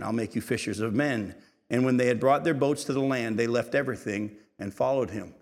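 A male preacher of middle pitch delivers a sermon in a hall with a long, ringing reverb. He reads the passage with lifted, emphatic force, then drops into a hushed, chatty retelling full of asides and questions to the listeners. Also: a little fast. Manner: rises in pitch and volume when reading aloud, drops low and quiet when retelling; conversational asides and rhetorical questions to the congregation. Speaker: pastor. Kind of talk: sermon, reading scripture and explaining it.

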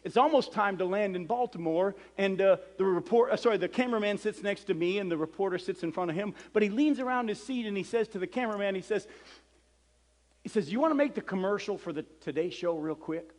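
Animated man preaching in a reverberant hall. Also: high voice, quick pace. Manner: animated storyteller acting out dialogue. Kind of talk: storytelling sermon.

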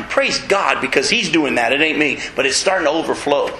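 A man preaching a sermon in a folksy, emphatic way, with self-mocking humor and sudden high leaps in pitch to stress his points. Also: animated, brisk, hardly any pauses, bright, forceful tone, echoey room, a little hiss or hum, low-quality recording. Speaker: pastor.

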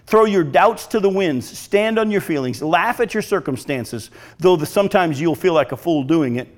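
A man's voice: on the high side, lively intonation, moderate pace. A middle-aged man preaching a sermon, earnest and emphatic, reading aloud from a devotional.

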